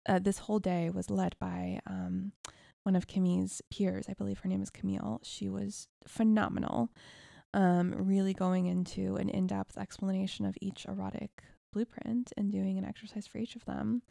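Young woman, podcast host, gravelly vocal fry, warm mellow tone, emotional storytelling. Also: mid-range voice, level tone, moderate pace, no room sound, studio quality. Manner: gushing, emotional, filler-heavy.

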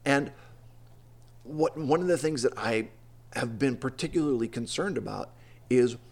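A man's voice: medium pitch, creaky. A man hosting an interview, asking long, thoughtful questions with hesitant restarts. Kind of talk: conversational interview.

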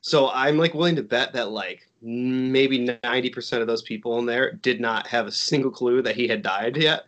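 A man's voice: mid-range voice, moderate pace, fairly bright tone. A man from Chicago, a wrestler guest on a podcast, telling a story in casual chat with lots of restarts and fillers. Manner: rambling, many likes and restarts.

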